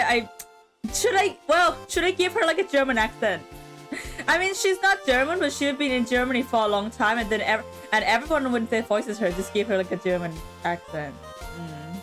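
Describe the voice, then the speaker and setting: A woman's voice: a little high, fairly bright tone. A woman streamer chatting casually over gameplay, giggly and rambling, often cutting herself off. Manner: giggly, rambling, self-interrupting.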